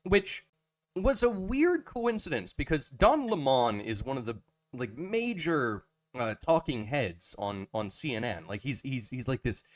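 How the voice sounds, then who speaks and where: A man hosting a casual podcast, talking in halting bursts with many restarts and fillers, reading an ad in a joking tone. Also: mid-range voice, very animated. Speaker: podcast host.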